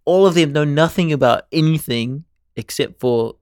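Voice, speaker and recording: A young man in casual, animated banter with a friend. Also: a little high, moderate pace, smooth, no room sound, clean studio sound. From New Zealand. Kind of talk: casual chat.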